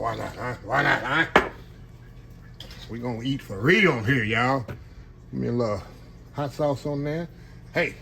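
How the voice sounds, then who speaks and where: In his home kitchen, a cooking channel host chats through a casual eating vlog, folksy, saying "y'all" often and savoring each bite out loud. His mid-range voice sounds pushed and bright. A camera on a tripod captures it with a little hiss or hum.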